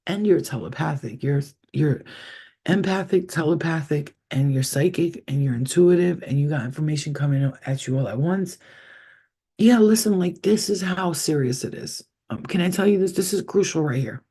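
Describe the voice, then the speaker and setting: Chatty man with a husky voice. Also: a little high, normal speed, warm tone. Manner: rambling, chatty and swearing, talking to viewers. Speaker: psychic reader, live streamer. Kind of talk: casual live-stream chat.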